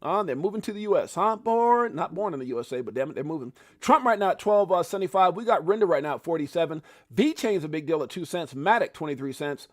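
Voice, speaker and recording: A middle-aged man hosting a casual live crypto market rundown, joking and animated, swearing casually and shouting out viewers. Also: fairly high pitch, fast talker, few pauses, no room sound, clean studio sound. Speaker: crypto livestream host.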